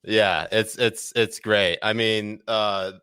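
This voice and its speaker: A man co-hosting a casual podcast, trading wry jokes with his partner. His voice sits on the low side and sounds smooth and resonant. The recording is dry and close, with no room sound. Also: steady tone, takes it slowly, sharp tone, no room sound. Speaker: podcast co-host. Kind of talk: casual chat.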